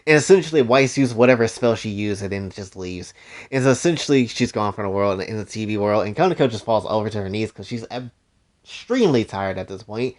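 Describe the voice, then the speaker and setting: A man's voice: on the low side, animated, a little fast. Slangy, rambling male storyteller. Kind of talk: casual fan story narration.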